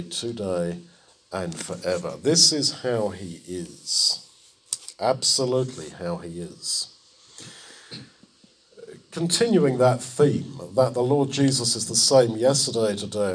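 A man delivers a sermon in a husky, slightly breathy voice. He retells a scripture story with lively energy and briefly acts out the voices of the people in it. His pitch sits in an ordinary middle range. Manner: animated storytelling, acting out dialogue in quick voices. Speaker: preacher.

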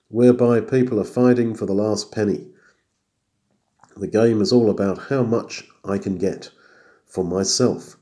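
A man's voice: on the low side, dark tone. A man preaching an expository sermon, reading scripture aloud and then explaining it earnestly. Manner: acts out inner thoughts in a chatty aside voice.

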